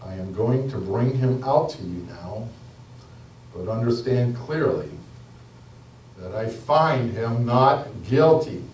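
A pastor voicing a stern Roman governor. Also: male voice, medium pitch, expressive, slow pace, darkish tone, a little hiss or hum. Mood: insistent. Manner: questioning, insistent. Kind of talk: sermon retelling of a scripture story. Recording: roomy hall from a distance.

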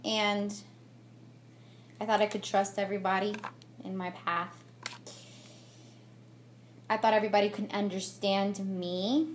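A woman's voice: mid-range voice, flat delivery, measured pace, long pauses, slight background noise. A young woman vlogging while she does her makeup, talking candidly and reflectively with many fillers and restarts. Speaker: beauty vlogger. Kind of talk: get-ready-with-me chat. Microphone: camera mic on a tripod.

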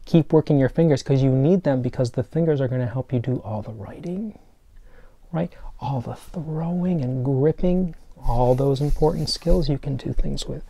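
A man teaching preschool children remotely, explaining step by step in a gentle, playful way. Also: medium pitch, moderate pace, gravelly. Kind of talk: remote lesson for young children.

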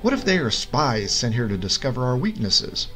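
A man voicing an angry, exasperated king who booms and scolds, with music behind. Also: very animated, normal speed, fairly bright tone, poor audio. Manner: booming and scolding.

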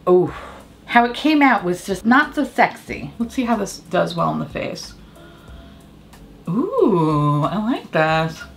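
A woman beauty vlogger chatting casually as she does her makeup and tells a story, candid, profane and quick to laugh. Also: on the low side, big pitch swings, gravelly, faint music behind.

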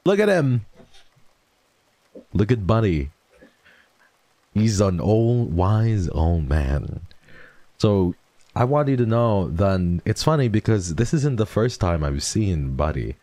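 A young man streaming casual chat, mock-emo and swearing freely, dropping to mumbles and then jumping into excited high squeals. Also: takes it slowly, dry recording.

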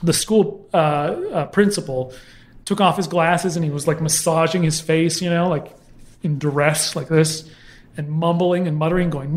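During a casual interview, a comedy historian appearing as a guest recounts an anecdote and mimics other people's voices along the way. He talks at normal speed with a voice on the high side.

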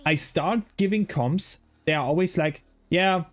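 A man's voice: on the high side, moderate pace. A man with a slight German accent, a native German speaker, streaming a game and bantering with chat in a playful, rambling way. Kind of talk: casual gaming livestream chat.

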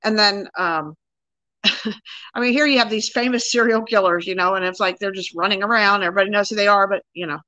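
A woman's voice: mid-range voice, fairly even intonation, brisk, pushed and bright, no room sound, low-quality recording. A woman in her sixties, a guest plainly recounting her own experience in a casual interview.

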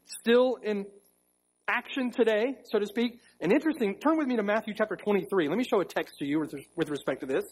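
A male pastor delivers a sermon in a church with a high, husky voice. He preaches emphatically, repeating key phrases and drawing out words for weight. His delivery swings between pointed questions and firm answers. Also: lively intonation, fairly quick, poor audio. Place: church sanctuary.

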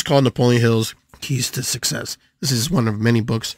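An older man hosting a live podcast, talking through a monologue in an animated way, repeating phrases and swinging his pitch widely. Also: moderate pace, no echo, clean studio sound. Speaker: podcast host and shamanic healer.

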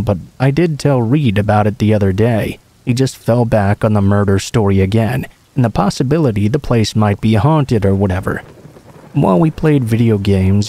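A man reads true scary stories aloud with a mellow, dark tone. His telling is steady and casual, like a friend recounting something that happened to him. The voice sits close and dry, with no room sound around it. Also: medium pitch, no room sound. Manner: steady, casual first-person storytelling. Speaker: horror story narrator.

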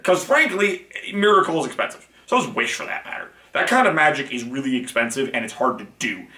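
Fairly quick and lively in intonation, a man's medium-pitched voice comes across bright and forceful. Hosting his own channel, he gives a rambling, honest monologue that keeps correcting itself, all in an echoey room.

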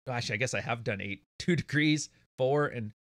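A man's voice: mid-range voice, normal speed, fairly bright tone, no echo, studio quality. Blunt, profane man hosting a show. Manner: blunt, profane, laughs often. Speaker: podcast host. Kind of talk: casual monologue to viewers. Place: home studio.

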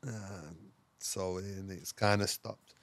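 Guesting on a podcast, an English man rambles through a story at a moderate pace, full of slang, frequent swearing and fillers such as "you know what I mean." His pitch is fairly low, and the recording has no room sound.

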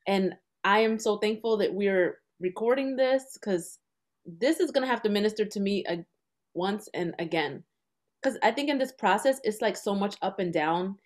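A woman's voice: medium pitch, moderate pace. A woman hosting an interview, responding with empathy and reflecting on the guest's story. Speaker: host. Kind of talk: supportive interview talk.

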